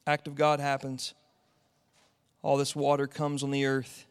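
A man's voice: mid-range voice, completely flat delivery, unhurried, pauses often, smooth, long reverb tail. A man preaching a sermon in a casual, conversational way, full of fillers and asides. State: tearful, sniffling. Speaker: pastor.

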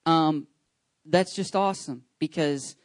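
A man in his thirties leading a church service, talking casually and excitedly. He rambles with frequent "ums" and restarts. His voice sits a little high and sounds dry. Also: slow, dry recording. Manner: chatty, rambling with many fillers and restarts; enthusiastic, excitable. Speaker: pastor.

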